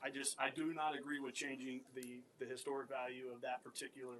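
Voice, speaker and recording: A male county commissioner explaining his position in a measured way at a board meeting. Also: medium pitch, little pitch movement, very noisy. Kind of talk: public meeting debate.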